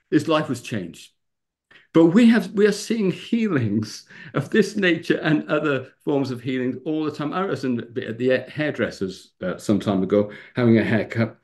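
A middle-aged man, a pastor, tells stories on a video call in a lively way, laughing often and acting out the people he talks about. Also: mid-range voice, moderate pace. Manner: lively storyteller who laughs and acts out the people in his stories. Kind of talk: storytelling talk on a video call.

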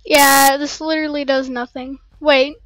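Bright high-pitched gamer girl. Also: normal speed, dry recording. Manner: excitable, rambling, playful slang. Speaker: gameplay streamer. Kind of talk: casual gameplay commentary. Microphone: cheap desk mic.

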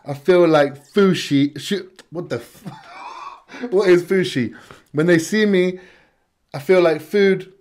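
Hyped guy reacting to tracks, slangy and chatty, voice sits a bit high. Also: slow, pauses often. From United Kingdom. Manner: excitable, slangy, bursts of hype. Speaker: music reaction host. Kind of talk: casual reaction commentary.

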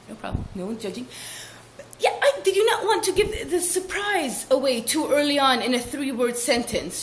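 A woman's voice: fairly high pitch, animated, fairly quick. A young woman rambling through a comedic vlog, playful and silly, with giggly asides. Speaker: vlogger. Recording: echoey room with faint hiss.

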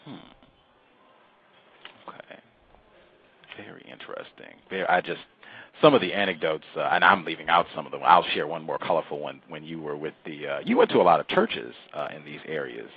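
A man's voice: extremely low pitch, a little fast, gravelly, slightly rough, lo-fi sound. A man hosting a radio interview, asking long questions with many fillers and restarts. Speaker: radio show host.

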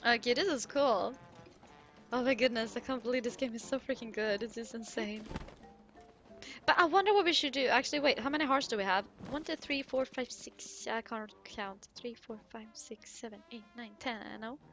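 A woman's voice: fairly high pitch, moderate pace, fairly bright tone, faint music behind. A woman giving casual, chatty let's-play commentary, giggling and swearing casually. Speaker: gaming streamer.

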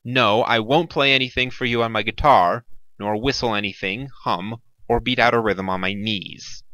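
A man's voice: medium pitch, sing-song, normal speed, bright, forceful tone, no room sound, voice pushed up. A man reading the part of an irritable, sardonic famous musician with a snappish, dry delivery.

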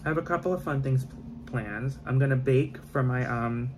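A man doing his makeup for the camera and chatting the whole time, opinionated and easily sidetracked. His voice sits at a middling pitch, and faint noise hums in the background. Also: moderate pace. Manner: chatty, opinionated, goes off on tangents. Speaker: beauty vlogger. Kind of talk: casual chat during a makeup tutorial.

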